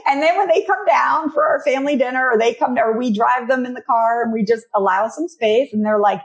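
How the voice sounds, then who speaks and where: Animated, chatty woman coaching parents. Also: fairly high pitch, a little fast, hardly any pauses. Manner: animated storyteller, acts out voices in anecdotes; chatty with frequent "like" and "you know". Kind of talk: casual podcast conversation.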